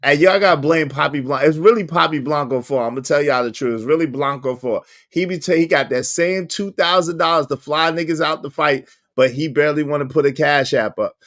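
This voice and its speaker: Loud teasing male stream host. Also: fairly high pitch, a little fast, hardly any pauses, no echo, clean studio sound. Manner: loud, teasing, repeats himself for emphasis. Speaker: podcast host. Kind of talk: casual livestream panel chat.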